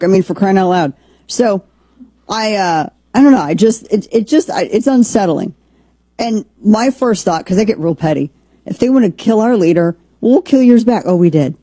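A woman's voice: fairly low pitch, mellow, no room sound. A woman hosting a political commentary show, opinionated and rambling, with frequent restarts. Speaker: podcast host.

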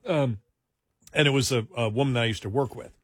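Guy hosting a chatty talk show, kinda husky voice, rambles and restarts a lot, dry close sound. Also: mid-range voice, a little fast, no room sound. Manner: rambling, self-correcting, builds up emphatically. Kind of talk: casual political talk show chat.

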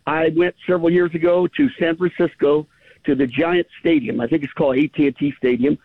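Middle-aged southern guy calling in, high raspy voice, tinny phone line, rambles on. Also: steady tone, brisk, dry recording. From California, US. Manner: rambling, enthusiastic storyteller. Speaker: caller. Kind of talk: phone-in chat.

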